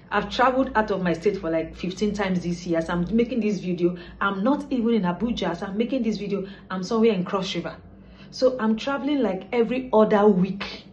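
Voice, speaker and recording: A woman with a Nigerian accent, a lifestyle vlogger chatting casually to camera and slipping into pidgin. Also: mid-range voice. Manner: chatty, mixes pidgin, lively asides. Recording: slightly dull lo-fi sound with faint background noise.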